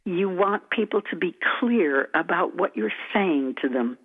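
A woman's voice: fairly low pitch, expressive, measured pace, breathy edge. Woman speech coach on a tinny phone line. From Texas. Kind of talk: radio interview.

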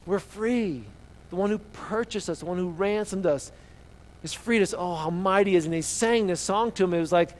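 Animated preacher man telling a story. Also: sits high, normal speed, rough recording. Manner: animated storytelling, sharp swings from loud to hushed. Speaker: pastor. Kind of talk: sermon.

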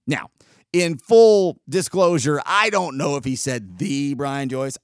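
A man hosting a show, telling a story in a sarcastic, animated way with quick asides. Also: on the high side, no echo, studio quality. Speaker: podcast host. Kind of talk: casual storytelling monologue.

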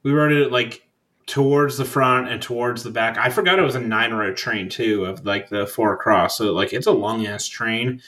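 A man's voice: mid-range voice, steady tone, moderate pace, fairly bright tone, poor audio. A young man co-hosting a podcast, telling a trip story in a rambling, profane, laid-back way with lots of fillers. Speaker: podcast co-host. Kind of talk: casual chat.

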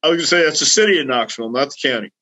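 A man's voice: mid-range voice, rapid-fire, muffled recording. A man on a video call, telling road stories in a casual chat and acting out his own outbursts. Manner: animated storyteller with voiced outbursts. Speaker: guest.

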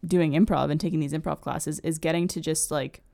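A woman's voice: deep voice, steady tone, fairly quick, gravelly, dark tone. A woman who performs improv, talking in a casual podcast chat and laughing often.

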